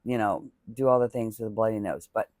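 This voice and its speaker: This man, a crochet vlogger, talks to camera in a lowish, slightly mellow voice at a fairly quick pace. The studio-quality audio has no room sound, and his chat is rambling and heartfelt, with religious blessings as he thanks viewers.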